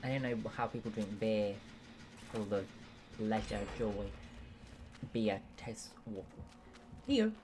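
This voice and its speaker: A woman's voice: extremely low pitch, takes it slowly, pauses often, background noise. A woman, streaming a game and chatting playfully with viewers as she reads the chat. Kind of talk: casual live-stream chat, reading and answering viewers.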